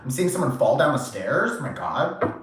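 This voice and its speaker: A man giving a channeled tarot reading, animated and casual, acting out quoted reactions, swearing now and then and laughing often. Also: medium pitch, moderate pace, noisy background. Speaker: tarot reader. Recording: very echoey room.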